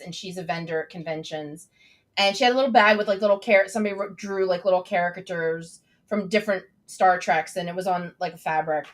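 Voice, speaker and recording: A woman's voice: medium pitch, pushed and bright. A young adult woman hosting a casual livestream chat, bubbly and enthusiastic as she reads out viewer comments. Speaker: host.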